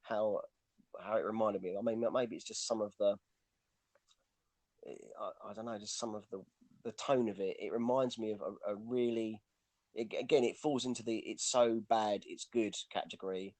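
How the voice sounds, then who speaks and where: Rambling man, low dry voice. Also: fairly even intonation, normal speed, darkish tone, no echo. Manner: rambling, lots of restarts and "you know". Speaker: podcast co-host. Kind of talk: casual film chat.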